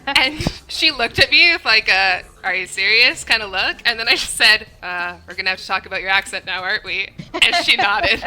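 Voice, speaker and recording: A woman's voice: mid-range voice, brisk, hardly any pauses, sharp tone, poor audio. A young woman co-hosting a livestream, chatting casually, laughing often and reading viewer comments aloud. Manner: upbeat, laughs often, reads chat aloud. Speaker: stream co-host.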